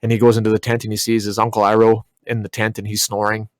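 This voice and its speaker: A man co-hosting a podcast in casual chat, animated and swearing often as he retells scenes. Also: lowish voice, fast, dry recording. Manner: animated, swears a lot, acts out characters' lines. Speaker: podcast co-host.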